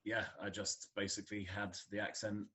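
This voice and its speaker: Middle-aged man, Scottish-born, neutral English accent, somewhat low voice; relaxed chatty podcast guest, frequent laughs and fillers. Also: moderate pace. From Scotland. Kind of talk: casual conversation.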